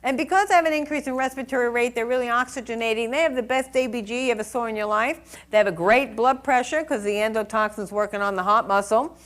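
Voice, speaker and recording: Older woman nurse educator, slightly high voice, animated and emphatic as she lectures through ward stories. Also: quick pace, hardly any pauses. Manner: animated storyteller, chatty and emphatic. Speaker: critical care nursing instructor. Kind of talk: lecture with anecdotes.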